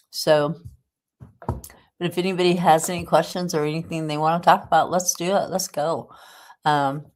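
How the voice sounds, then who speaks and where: A woman with a Southern US accent hosting a casual livestream at home, congested from a cold, chatty and rambling with lots of ums. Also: low-pitched. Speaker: livestream host. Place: indoors at home.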